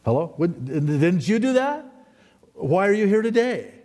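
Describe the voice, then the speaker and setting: A man preaching a sermon in a folksy, rambling way, often climbing to excited, emphatic peaks. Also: high-pitched, a little slow. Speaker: pastor. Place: church sanctuary. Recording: long hall reverb in a church.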